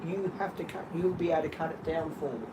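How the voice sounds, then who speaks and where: A middle-aged Australian man rambling through animated stories in casual chat, often laughing. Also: on the high side, quick pace, noisy background.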